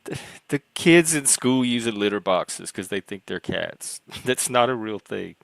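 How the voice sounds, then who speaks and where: A man's voice: on the low side, expressive, unhurried, gravelly, a bit bright, dry recording, rough recording. Blunt, opinionated man, dry sound. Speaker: podcast co-host. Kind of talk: casual chat.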